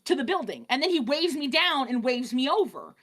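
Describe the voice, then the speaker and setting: Animated high-voiced woman telling a story. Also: brisk. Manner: animated, laughs often, many fillers and restarts. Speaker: streamer guest telling a story. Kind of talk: casual storytelling chat. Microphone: streaming mic.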